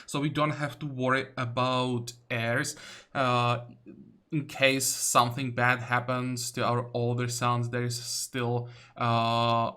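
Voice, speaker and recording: Slow, thinking-aloud man narrating a strategy game. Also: mid-range voice, bright, forceful tone. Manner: thinking aloud, many fillers and self-corrections. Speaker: let's play host. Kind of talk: casual gameplay commentary.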